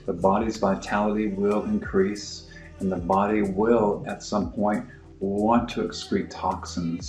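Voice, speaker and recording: A middle-aged man explaining his clinic's approach in a halting, informal way, full of fillers and restarts. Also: fairly low pitch, a little mellow. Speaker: naturopathic clinic practitioner. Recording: roomy echo with faint music.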